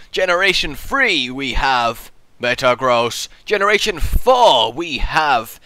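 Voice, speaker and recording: A young man hosting a viewer question show in casual chat, rambling and goofy with sudden loud outbursts, sleep-deprived and muddled. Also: a little high, very animated, moderate pace, no room sound. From England. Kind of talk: casual audio-only chat. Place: hot room at home.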